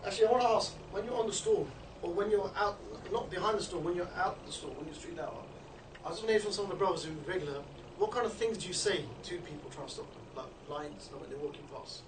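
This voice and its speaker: A man giving an informal training talk to a group, chatty and often checking in with "you know" and "yeah?". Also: fast. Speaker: street outreach trainer. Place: indoor meeting room. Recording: low-quality recording, distant mic in an echoey room with background noise.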